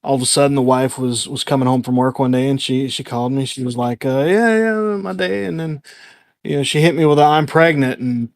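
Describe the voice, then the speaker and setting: A young man as a podcast guest, telling a story in animated casual chat with many restarts. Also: mid-range voice, fast. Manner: animated storyteller, repeats words as he talks.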